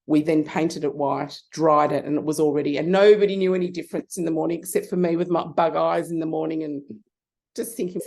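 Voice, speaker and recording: A middle-aged Australian woman spins animated anecdotes in a relaxed interview chat, stumbling and restarting as she goes. Her voice sits low and mellow, with a warm, dark tone. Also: a little fast. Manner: lively, animated anecdote telling with frequent restarts. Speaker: guest, photography consultant. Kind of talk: casual storytelling interview.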